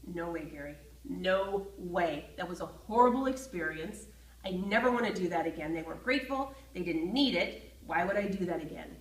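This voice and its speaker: A woman telling a personal story in a lively way, acting out her own feelings as she goes. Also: on the low side, moderate pace. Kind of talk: personal story told to camera. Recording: roomy echo, voice from a distance from the mic.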